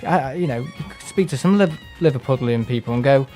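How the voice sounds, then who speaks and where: Over soft background music, a man from England keeps up casual chat on a live game stream, wandering off topic, being sarcastic, and mimicking others in put-on voices. His mid-range voice is expressive and warm, and he speaks at a quick pace.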